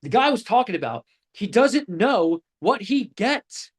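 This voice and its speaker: Young male instructor, high pitch, casual and profane, brisk storytelling energy. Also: breathy edge. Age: 20s. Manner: casual, swearing, animated storytelling. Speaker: course instructor. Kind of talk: live online class talk.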